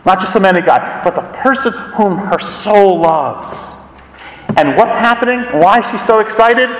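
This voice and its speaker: A pastor delivering a sermon, teaching and musing with lively rises and drops in his voice. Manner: animated, swinging pitch for emphasis. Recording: echoey hall, from far off.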